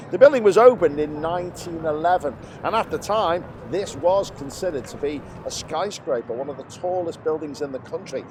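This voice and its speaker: A man's voice: fairly high pitch, noisy background. Polite man guiding a city tour. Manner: polite, patient, informative. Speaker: tour guide. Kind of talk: comedy sketch acting. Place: outdoors on a city street.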